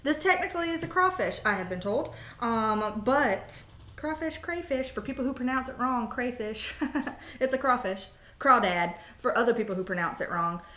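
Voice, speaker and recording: A woman with a high voice gives a casual live tarot reading, chatty and jokey, rambling from one aside to the next and swearing freely. Her voice bounces around an echoey room. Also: animated, moderate pace, sharp tone. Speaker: tarot reader.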